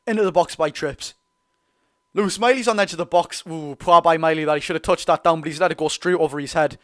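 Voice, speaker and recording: A young man with a Geordie accent giving excitable, partisan live commentary on a football match for his viewers. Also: on the high side, fast. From North East England. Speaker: football fan streamer.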